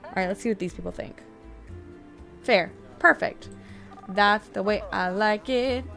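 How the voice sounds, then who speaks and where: A young adult woman giving casual, chatty gameplay commentary, excitable and quick to get frustrated. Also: mid-range voice, creaky, faint music behind. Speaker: video game streamer.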